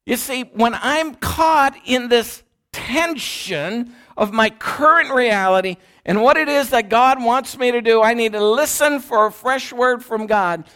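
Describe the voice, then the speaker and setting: A man's voice: very high voice, measured pace, bright, forceful tone. A man preaching a sermon in a church, emphatic and repetitive, calling the congregation to repeat after him. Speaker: pastor.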